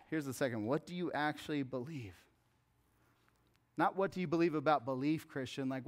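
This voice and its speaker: A pastor preaching a conversational sermon that rises to fervent appeals. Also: male voice, a little high.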